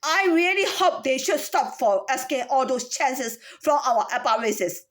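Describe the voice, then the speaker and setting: A woman's voice: sits high, animated, a little slow, a bit bright. A woman giving a lecturing monologue as a voice coach, repeating herself insistently and switching between voices to demonstrate them. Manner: demonstrates different speaking voices in a repetitive, insistent way.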